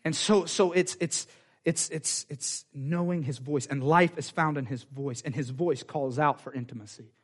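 Fervent preacher, high voice. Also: male voice, moderate pace. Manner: animated preaching, acts out quoted voices, repeats phrases. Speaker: pastor. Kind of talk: sermon. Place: church sanctuary.

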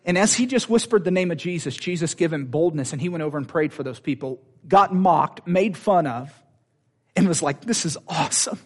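A man preaching a sermon, animated and personal, often laughing and restarting his sentences. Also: fairly high pitch, brisk.

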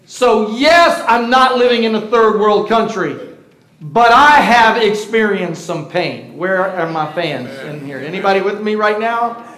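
High-voiced pastor in an echoey church. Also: male voice, lively intonation, a little slow, a bit bright. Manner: conversational preaching, calls out to the congregation. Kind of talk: sermon. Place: church sanctuary. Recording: roomy echoey hall.

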